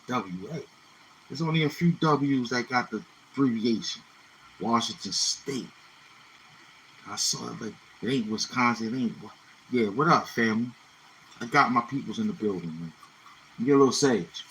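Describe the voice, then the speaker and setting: Heard over poor audio, a Brooklyn, New York City man hosts a casual livestream, loosely chatting between freestyle rhymes and adding "you know what I'm saying" to his lines. His mid-range voice is bright and forceful with a breathy edge.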